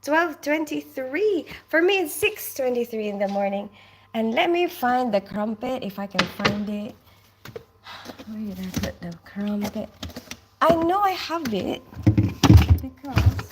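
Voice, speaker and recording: A woman's voice: a little high, lively intonation, unhurried, heavy background noise. Chatty woman live-streaming from home. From Philippines. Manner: chatty, laughs often, answers viewers by name. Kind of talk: casual live-stream chat reading comments. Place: home in North London.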